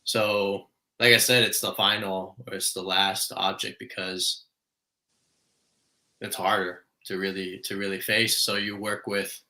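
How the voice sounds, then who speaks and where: A man co-hosting a talk about meditation, explaining teachings in a measured, teacherly way. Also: sits low, flat delivery, pushed and bright. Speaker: podcast co-host. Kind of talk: casual spiritual discussion.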